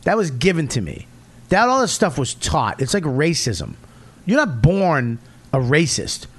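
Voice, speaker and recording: A middle-aged man from Boston with a Boston accent, a comedian guest telling profane, animated stories in casual podcast chat. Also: fairly high pitch, measured pace, husky. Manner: profane, animated storytelling with acted-out quotes.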